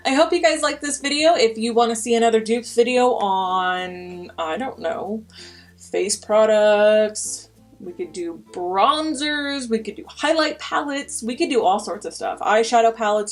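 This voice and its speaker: Chatty woman beauty vlogger. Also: on the high side. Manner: chatty and enthusiastic, drops to a whisper at times. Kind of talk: casual makeup review.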